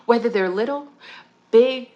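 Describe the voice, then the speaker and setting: A woman hosting a talk show, ranting heatedly and rambling, with restarts and high-pitched outbursts. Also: slow, lo-fi sound, slight background noise. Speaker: podcast co-host. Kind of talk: ranting monologue.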